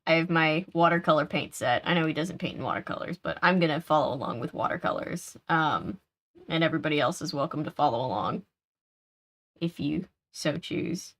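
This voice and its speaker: A woman's voice: deep voice, a little fast, a bit bright. A woman hosting a live game stream, chatting casually, laughing often and answering her chat aloud.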